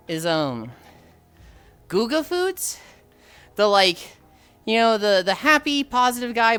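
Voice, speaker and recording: Winded woman streamer, lively and sighing. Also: medium pitch, smooth. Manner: chatty, reads chat aloud, animated storytelling. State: out of breath, sighing. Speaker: livestreamer. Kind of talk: casual livestream chat while walking.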